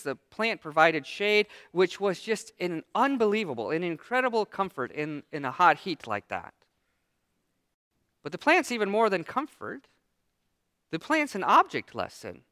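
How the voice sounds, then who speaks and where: Animated high-voiced male preacher. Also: no echo, clean studio sound. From United States. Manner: animated preaching, acting out Jonah's complaints in a raised voice. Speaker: pastor. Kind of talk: sermon.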